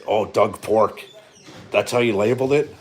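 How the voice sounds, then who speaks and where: A middle-aged Canadian man hosts a live stream, rambling and joking with lots of profanity in a casual rant. His voice is lowish and his pace moderate.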